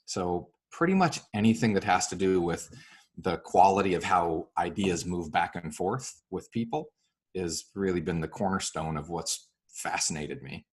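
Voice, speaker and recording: A man speaking as an interview guest, explaining his ideas with many fillers and lively acted-out example dialogue. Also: sits low, moderate pace, slightly rough. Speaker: real estate broker and coach.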